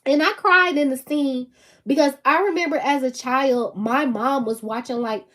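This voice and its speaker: A woman's voice: sits high, moderate pace, fairly bright tone. A woman, hosting her own channel and talking casually and emphatically to camera, laughing often. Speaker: channel host.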